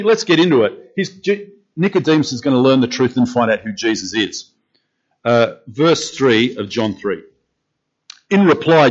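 A man preaching a conversational sermon as pastor, questioning the congregation and repeating phrases as he thinks aloud. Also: medium pitch. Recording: dull lo-fi recording.

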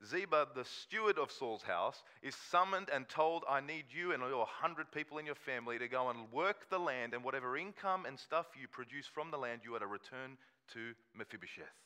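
A man's voice: medium pitch, bright, forceful tone. A man, preaching a sermon in a conversational storytelling way and acting out quoted voices. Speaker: pastor.

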